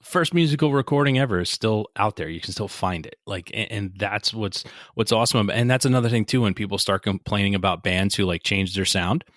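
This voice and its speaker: Blunt New man, low voice. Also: fairly quick, few pauses, fairly bright tone, no echo, clean studio sound. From northern New Jersey. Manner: blunt, opinionated, swears freely. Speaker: podcast host. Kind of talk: casual interview chat.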